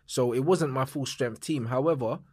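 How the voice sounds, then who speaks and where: A young man with a London accent, talking in a relaxed, slang-heavy way. His voice is mid-pitched and plainly recorded, close and dry with no room sound. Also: normal speed, husky, no echo. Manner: laid-back London slang, says "blood" and "bruv" often. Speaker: podcast guest, club owner. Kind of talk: casual podcast chat.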